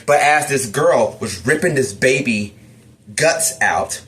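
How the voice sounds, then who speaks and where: Brief: man, mid-pitched, personal storytelling, retells a nightmare with dramatic acted-out lines. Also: animated, slow pace, a bit bright. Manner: dramatic retelling, acts out his own lines in the dream. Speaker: testimony storyteller.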